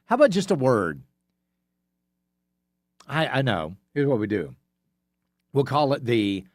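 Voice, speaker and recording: Casting: male radio host, sarcastic and mocking, animated swings in pitch, dry studio mic. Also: no echo. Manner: sarcastic, mocking, spells things out slowly. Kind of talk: opinionated talk radio monologue. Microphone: studio microphone.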